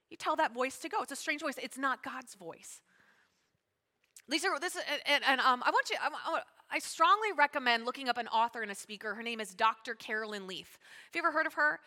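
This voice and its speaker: A woman pastor preaching a sermon, talking fast and emphatically and calling out to her congregation. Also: sits high, pushed and bright. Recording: long hall reverb.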